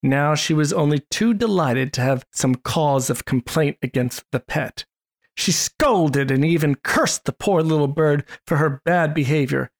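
A narrator with a gravelly voice reading a storybook in a measured, expressive way. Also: medium pitch. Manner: measured, expressive read-aloud.

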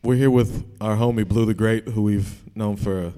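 A man's voice: lowish voice, steady tone, normal speed, mellow, clean tone, long reverb tail. A man hosting a live interview, laid-back with hesitant fillers. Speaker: host. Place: live event with audience.

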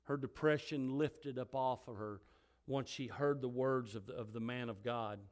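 A man preaching a sermon. He reads scripture quietly and in a lower voice, then grows loud and high as he preaches on it. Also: moderate pace.

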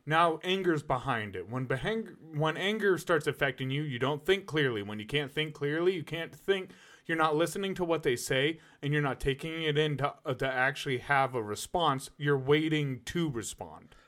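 Animated man arguing his point. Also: a little high, moderate pace. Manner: argumentative, explains at length. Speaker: podcast co-host. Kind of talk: casual chat.

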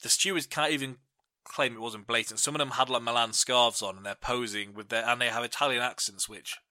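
A man's voice: mid-range voice, fairly quick, no room sound. A young man chatting casually as a podcast co-host, telling stories and laughing often. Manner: laughing storyteller, animated in quoted bits. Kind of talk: casual chat.

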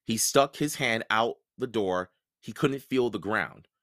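Man reading a kids book aloud, bright voice, takes his time. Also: fairly low pitch. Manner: expressive, unhurried reading. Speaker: podcast storyteller.

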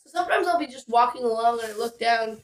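Quick, chatty woman in an echoey room. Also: on the high side. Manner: quick, animated storytelling. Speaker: podcast host. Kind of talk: casual chat. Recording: echoey room with faint hiss.

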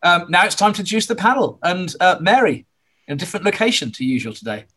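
A man with a hoarse voice, hosting a podcast over a video call and hesitating with many ums. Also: sits high, lively intonation, quick pace, sharp tone. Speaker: podcast host. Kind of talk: casual video-call chat.

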